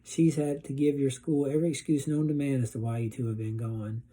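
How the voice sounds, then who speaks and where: Man playing a soft-spoken fairy godmother grandma, dark, husky. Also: mid-range voice, steady tone, brisk, natural voice. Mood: warm. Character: kind grandmother fairy godmother, warm and proud.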